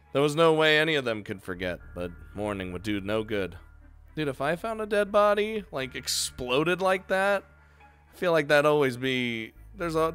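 A man's voice: mid-range voice, fairly bright tone. A young man reading a video game's text aloud and adding casual, joking commentary, with occasional swearing. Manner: joking, swears, laughs between lines. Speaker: let's play player.

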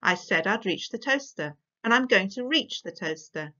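Woman voicing a stubborn young girl, storybook reading, earnest, insistent, mid pitch, dull lo-fi sound. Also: animated, normal speed, sharp tone. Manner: earnest, insistent, matter-of-fact. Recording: dull lo-fi recording.

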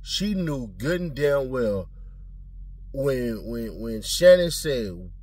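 A man's voice: medium pitch, big pitch swings, slow pace, darkish tone, slightly rough. A man giving blunt, slangy, profane commentary in a casual talking style.

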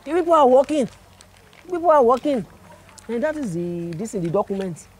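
A man's voice: very high-pitched, lively intonation, brisk, background noise. An actor with a Nigerian accent playing an older man motorist who stammers and pleads with a police officer in a comedy skit. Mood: pleading.

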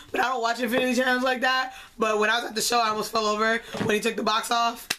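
A young woman vlogger giving an excitable, chatty concert review, full of "like". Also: fairly high pitch, fast, hardly any pauses, slight background noise. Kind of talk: casual concert review vlog.

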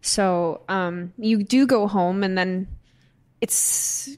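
Animated woman acting out quotes. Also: mid-range voice, very slow, clean tone. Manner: animated, acting out quoted remarks, laughing asides. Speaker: podcast panel guest. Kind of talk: casual panel chat.

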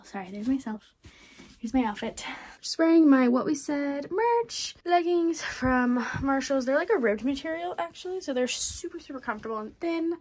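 A twenty-year-old woman from southeastern Michigan talking casually to camera in a vlog, chatty and rambling with lots of "like" and "um". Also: high-pitched. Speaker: vlogger.

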